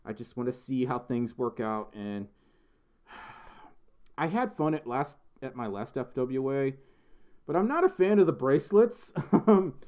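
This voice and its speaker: A young man chatting casually on a livestream as he reads out viewer messages. His voice sits mid-range but bounces around a lot, swinging up high when he laughs. He rambles, restarts and giggles between thoughts. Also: dark tone. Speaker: livestream host.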